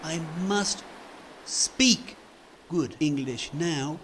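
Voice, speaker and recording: A lost and sad young foreigner in a storybook, struggling through broken English and stopping to correct himself, as a man puts him on. The voice sits well above the reader's own, and it is slow and careful. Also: a little high, fairly bright tone, slight background noise, pitched above the performer's own voice. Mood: anxious. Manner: slow, halting speech with self-corrections.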